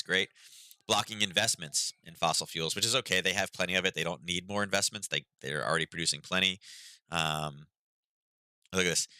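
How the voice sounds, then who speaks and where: A man with a low-set but very bright, forward voice, chatting through market news in a loose, sarcastic way. He sounds worn out from being sick, with frequent ums and a dry, close sound. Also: no room sound, low-quality recording. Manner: sarcastic, laid-back, lots of ums. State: recovering from illness, yawning. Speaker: trading stream host. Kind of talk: casual market commentary.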